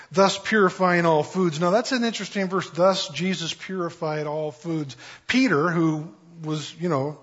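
A man's voice: fairly high pitch, fairly bright tone, breathy edge. A man preaching a conversational Bible-teaching sermon in a casual, humorous way, with lots of fillers. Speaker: pastor. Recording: dull lo-fi recording.

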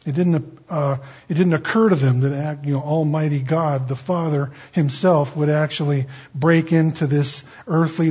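A man delivers a sermon in a somewhat high, husky voice, pressing on key words with sudden lifts of energy. The recording is dull and lo-fi. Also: darkish tone. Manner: emphatic, conversational teaching with rising bursts. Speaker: preacher. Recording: dull, lo-fi sound.

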